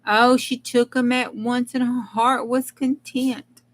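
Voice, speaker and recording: A woman's voice: fairly high pitch, level tone, slow, low-quality recording. A woman hosting a crafting channel, reading a fairy tale aloud in a folksy way with chatty asides. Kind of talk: storytelling read-aloud with casual asides.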